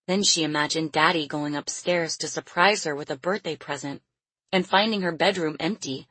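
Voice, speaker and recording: A woman reading a novel aloud as a narrator in measured storytelling. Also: low-pitched, fairly bright tone, breathy edge, dry recording. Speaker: audiobook narrator. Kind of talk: scripted narration.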